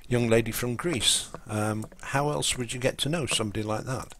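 A man's voice: medium pitch, normal speed, fairly bright tone. A man chatting casually and rambling while he plays a game on a live stream. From England. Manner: rambling, full of ums and restarts.

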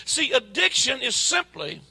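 A man preaching a fervent sermon at a church service, swinging from shouts to quiet asides in folksy grammar. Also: extremely high pitch, sing-song, unhurried, gravelly, breathy edge, no echo. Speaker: guest preacher.

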